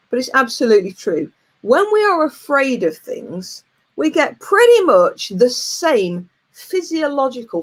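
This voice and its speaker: A woman in her forties, a coach giving a lively, plain-spoken motivational talk and telling a frank personal story. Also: medium pitch. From United Kingdom. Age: 40s.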